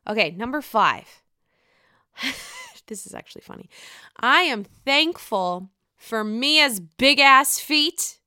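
Woman, bright forceful voice, smooth clear tone, dry close sound, chatty, swears a lot, gushing fan. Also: fairly high pitch, no room sound. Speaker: reality TV fan commentator. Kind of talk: casual solo commentary.

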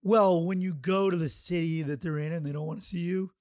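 A man's voice: a little high, fairly even intonation, a little fast, a little mellow, dry recording. Wry male co-host, dry close sound. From New York. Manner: wry, offhand hot takes. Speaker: podcast co-host. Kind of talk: casual chat.

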